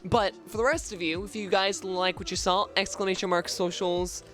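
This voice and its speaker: A streamer giving live gameplay commentary, excitable, swearing often and talking to chat. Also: medium pitch, moderate pace, faint music behind.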